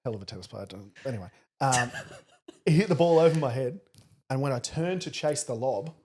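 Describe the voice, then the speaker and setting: A man's voice: medium pitch, lively intonation, brisk, a little mellow, slightly rough. A man in his thirties with an Australian accent, co-hosting a podcast and telling stories with lots of laughter and swearing. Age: 30s. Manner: laughing storyteller, swears freely. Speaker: podcast co-host. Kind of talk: casual banter.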